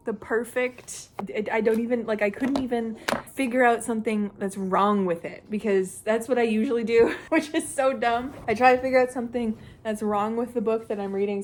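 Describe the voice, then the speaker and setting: A young Canadian woman vlogging casually about books, gushing and laughing often. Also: medium pitch. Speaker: book vlogger. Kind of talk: casual vlog chat.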